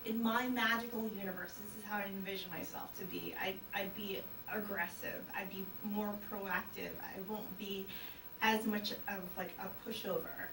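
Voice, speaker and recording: A woman's voice: medium pitch, fairly even intonation, normal speed, gravelly. A woman speaking as a hypnosis client in a casual interview, hesitant and full of fillers. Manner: hesitant, many fillers, self-conscious. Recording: roomy, distant mic, noisy background.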